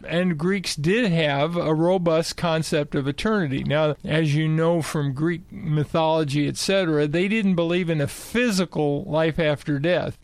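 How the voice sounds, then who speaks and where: High-voiced man teaching with emphasis. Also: a little slow, few pauses, no echo. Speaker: Bible teacher guest. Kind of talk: conversational Bible teaching.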